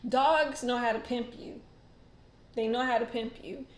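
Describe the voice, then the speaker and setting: A woman's voice: on the high side, little pitch movement, moderate pace. Chatty woman host in an echoey room. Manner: chatty, rambling, many fillers and laughs. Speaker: tarot channel host. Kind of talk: casual livestream chat.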